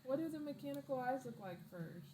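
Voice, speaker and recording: A woman's voice: sits high, animated, a little fast, warm tone, low-quality recording. A woman player in a casual tabletop game, asking pointed questions in a dry way.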